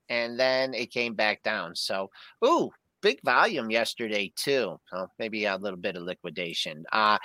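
A man co-hosting a market show, trading quick, lively banter about stocks. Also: medium pitch, no echo. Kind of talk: casual trading chat.

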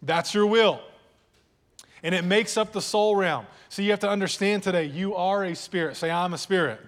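A man preaching in church, his speaking voice sitting a bit higher than most men's. He talks in a loose, conversational way, often restarting phrases and teasing the congregation. The sound rings with the long reverb of a big room. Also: normal speed. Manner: conversational preaching with repeated words and audience jokes. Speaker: pastor. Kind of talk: sermon. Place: church hall.

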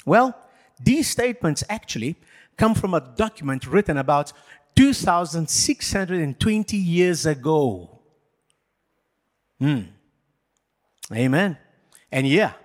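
A male pastor preaching a sermon in an animated, jokey way, addressing the congregation. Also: on the high side, long reverb tail.

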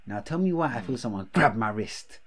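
A young man, telling a story in casual chat, animated, with laughter and heavy slang. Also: medium pitch, brisk. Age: young adult.

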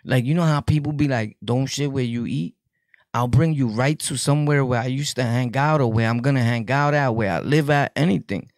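A man's voice: mid-range voice, a little fast, dry recording, studio quality. A man with a New York accent telling prison stories in a casual, joking way, laughing often and using heavy street slang. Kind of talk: casual storytelling to camera.

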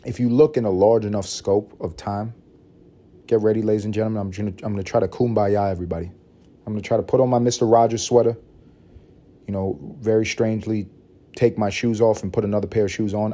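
A Puerto Rican man hosting a podcast, riffing in a loose comedic monologue, profane and animated with sudden loud bursts. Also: fairly low pitch, fast talker. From Puerto Rico. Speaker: podcast host.

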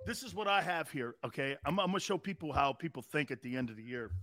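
A man co-hosting a casual sports talk show, telling stories in a lively, joking way. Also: a little high, quick pace, dry recording. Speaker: sports radio co-host.

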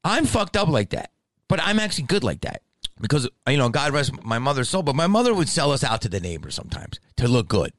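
A man hosting a comedy podcast, telling a story in a profane, heated rant that swings from mumbled asides to shouting. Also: mid-range voice, sing-song, fast, dry recording.

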